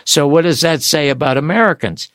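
An older man, an author and radio talk show guest, telling animated stories and acting out the people he quotes. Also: on the high side, brisk, dry recording. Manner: excitable, quotes people in acted voices.

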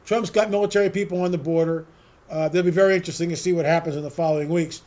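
A man's voice: fairly high pitch, fairly even intonation, racing, darkish tone. A man giving a combative, sarcastic political monologue as a talk radio host, full of rhetorical questions.

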